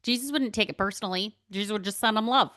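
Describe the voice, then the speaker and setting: A woman's voice: medium pitch, quick pace, sharp tone, no room sound. Chatty woman podcast host, dry sound. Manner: chatty, candid, laughs often, many fillers. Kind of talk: casual spiritual monologue.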